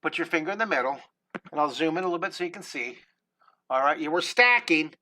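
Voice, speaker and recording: A man's voice: a little high, expressive, fast talker, sharp tone, a little hiss or hum. A middle-aged man teaching a live drawing lesson, chatty and enthusiastic, greeting viewers by name, close to a desk microphone. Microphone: desk microphone close to mouth.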